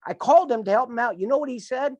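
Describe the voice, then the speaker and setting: A man's voice: very high voice, fast talker, a little mellow, dry recording, highs cut off. A middle-aged man giving an emphatic, repetitive, fired-up motivational coaching talk to his team on a call. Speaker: team leader.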